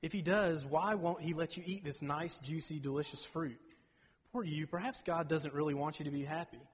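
A man's voice: fairly high pitch, moderate pace, slight background noise, lightly acted. A man whispering as a sly serpent. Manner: soft whisper. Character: sly hissing male serpent tempter. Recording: reverberant hall.

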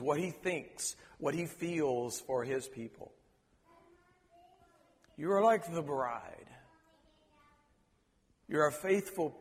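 Earnest male preacher in a reverberant hall. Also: on the high side. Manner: earnest, halting, repeats words; preacher quoting scripture in reverent tones. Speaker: pastor. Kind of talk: sermon.

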